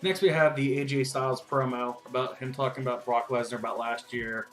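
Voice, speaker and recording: A man's voice: medium pitch, fairly even intonation, fairly quick, faint music behind. A man giving a casual, profane, rambling recap rant as a wrestling vlogger, with frustrated asides.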